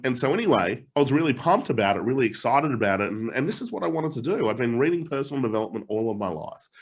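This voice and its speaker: A middle-aged man coaching a live online challenge, telling personal stories with frequent laughs and casual swearing. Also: on the low side. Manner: animated storytelling, laughs often, swears casually. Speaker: motivational coach.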